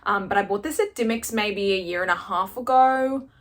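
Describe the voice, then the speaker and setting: A woman's voice: medium pitch, normal speed, fairly bright tone. Australian woman, casual book vlog host, chatty and effusive. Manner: bubbly and gushing, chatty with many likes. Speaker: book vlogger. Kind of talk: casual chat to camera.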